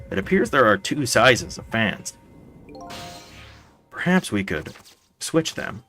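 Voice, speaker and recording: A man's voice: lowish voice, vocal fry, sharp tone. A man streaming a game, playfully reading its dialogue aloud with jokey asides. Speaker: let's play streamer.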